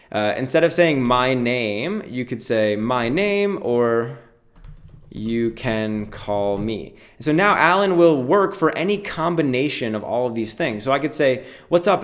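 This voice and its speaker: A man teaching programming in a screen-recorded tutorial, talking casually and explaining each step as he goes. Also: medium pitch. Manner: casual, explanatory, walks through steps aloud. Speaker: programming instructor.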